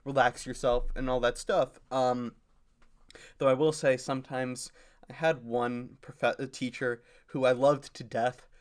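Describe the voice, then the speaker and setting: A man's voice: mid-range voice, fairly even intonation, measured pace. Chatty young man co-hosting a podcast. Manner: rambling with many fillers and laughs. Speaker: podcast co-host. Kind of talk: casual chat.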